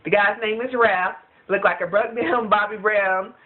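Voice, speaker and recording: A woman chatting in a casual review vlog, gossipy and animated, laughing often. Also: medium pitch, normal speed. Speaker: reality TV reviewer. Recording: tinny phone-like sound.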